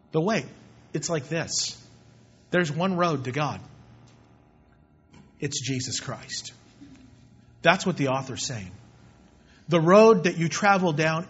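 A man preaching a sermon emphatically, swinging between loud and soft and repeating key points. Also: high-pitched, husky. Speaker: pastor. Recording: dull lo-fi recording.

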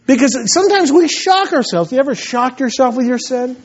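A man preaching a sermon to his church, emphatic, rising to loud peaks and dropping to low asides. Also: animated, fairly quick, few pauses, lo-fi sound. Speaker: pastor.

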